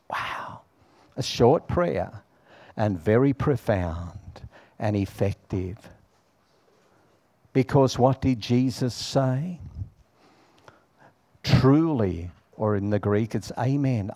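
Male preacher, middle-aged, slow and deliberate, dramatic swings from hushed to loud. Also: mid-range voice, lively intonation. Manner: dramatic, swings between hushed and raised delivery, acts out dialogue. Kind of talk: sermon.

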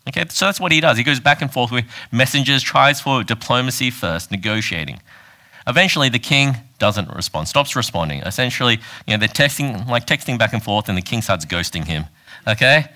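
A man's voice: mid-range voice, expressive, fairly quick, pushed and bright. A man preaching a casual, conversational sermon, retelling a Bible story and acting out its quoted lines.

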